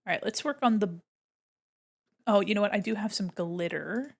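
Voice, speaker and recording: An American woman streaming, chatting casually with viewers while drawing, self-deprecating and quick to laugh. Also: medium pitch, gravelly. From United States.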